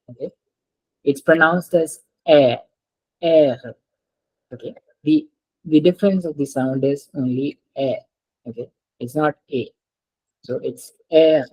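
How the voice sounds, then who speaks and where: A woman's voice: low voice, mellow, breathy edge, no room sound, low-quality recording. Patient female French tutor on a call. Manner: patient, repeats and checks with students. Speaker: French teacher. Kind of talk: online class teaching.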